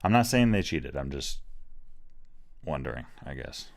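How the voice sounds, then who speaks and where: A man's voice: very deep voice, big pitch swings, measured pace, a little hiss or hum. A man casually commenting on his own online chess game, thinking aloud and hedging as he reacts to the moves. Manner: thinking aloud, hesitant, defensive. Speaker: chess streamer. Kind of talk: casual live commentary while playing.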